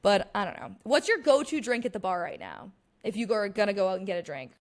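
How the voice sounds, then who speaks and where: A woman's voice: mid-range voice, fast. Young woman hosting a pod, casual chatter, lots of laughing and acted-out quotes. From Boston area. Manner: animated, laughs often, quotes people in put-on voices. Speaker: podcast host. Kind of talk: casual chat.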